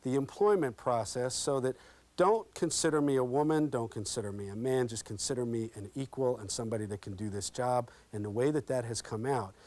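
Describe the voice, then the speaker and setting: A man leading an interview skills workshop, talking in a lively, interactive way and acting out examples with his audience. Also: medium pitch, fairly quick. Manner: lively and interactive, checks in with "okay?" constantly; folksy and animated, acts out examples. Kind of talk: live workshop talk with role-play demonstrations.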